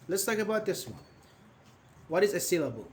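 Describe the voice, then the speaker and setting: A young man teaching English grammar in a live online class, patient and questioning, repeating words slowly. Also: high voice, big pitch swings, a little hiss or hum.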